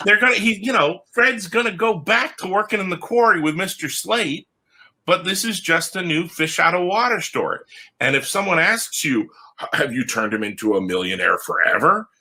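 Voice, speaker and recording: Bright, animated man telling stories. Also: moderate pace. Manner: animated, acts out quoted voices with big pitch jumps. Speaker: comic book writer, guest. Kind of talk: animated storytelling in a podcast interview.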